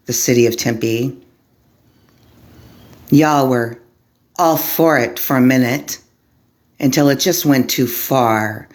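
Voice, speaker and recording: Slow, deliberate woman in clipped lists. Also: rumbling low. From Arizona, USA. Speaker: vlogger, formerly homeless advocate. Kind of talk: impassioned monologue to camera.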